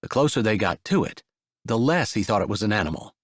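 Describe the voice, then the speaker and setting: A man reading a sweet romance audiobook in a gentle, expressive storytelling manner. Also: on the low side, brisk, husky, no echo, studio quality. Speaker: audiobook narrator. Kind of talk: scripted narration.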